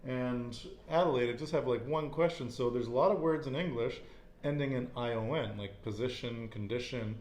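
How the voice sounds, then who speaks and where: A man's voice: mid-range voice, moderate pace, darkish tone, reverberant. Encouraging man teaching Spanish. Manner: encouraging, repeats answers and praises them. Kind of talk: casual Spanish lesson.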